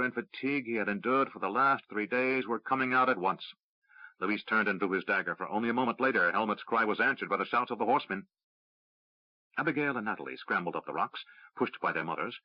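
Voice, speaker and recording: A man narrating a fantasy audiobook in a steady, measured reading. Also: medium pitch, no echo. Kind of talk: scripted narration. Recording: dry, slightly dull audiobook recording.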